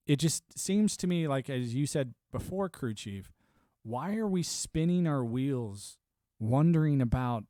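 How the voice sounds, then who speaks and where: A man's voice: medium pitch, a little mellow, no room sound, clean studio sound. A young man hosting a livestream, rambling sardonically through a casual political rant and swearing freely. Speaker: livestream host.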